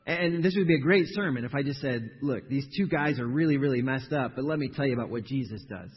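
A man preaching a sermon in an animated way, getting louder and softer and putting questions to the congregation. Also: mid-range voice, fast talker, slightly rough. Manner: animated preaching, rising and falling in volume, asks the congregation questions. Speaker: pastor. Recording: dull sound, long reverb in a large hall.

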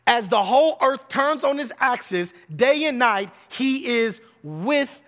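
A man's voice: very high-pitched, lively intonation, slow, a bit bright, long reverb tail. A male pastor preaching a sermon, building emphatic repeated phrases and stumbling into restarts now and then.

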